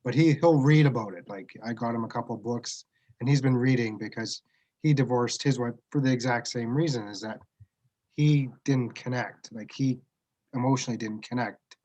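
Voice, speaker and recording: A man's voice: medium pitch, normal speed, warm tone, poor audio. A middle-aged man from Canada talking frankly and reflectively about his diagnosis, often restarting his sentences. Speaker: guest sharing his autism diagnosis. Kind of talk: casual conversation.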